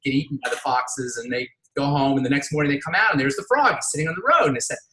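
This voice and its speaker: A quick-talking man with a fairly high, bright, tense voice, guesting as a pharmacist. He tells jokes with a lively storyteller's flair, and his voice rings in a roomy, echoing space. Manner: joke-telling, lively storyteller. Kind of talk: casual interview chat.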